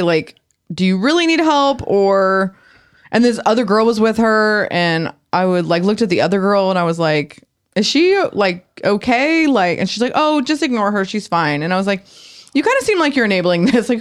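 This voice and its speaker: A woman's voice: medium pitch, moderate pace, clear, resonant tone. A woman co-hosting a podcast in casual chat, telling a story with lots of swearing while speaking around new braces. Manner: animated storyteller, swears freely. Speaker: podcast co-host.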